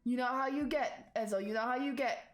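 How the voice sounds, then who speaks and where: A woman voicing a male thug in a tabletop game who coaxes his angry friend to calm down. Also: a little high, brisk, echoey room, pitched above the performer's own voice, lightly acted. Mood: soothing. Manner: coaxing, repetitive.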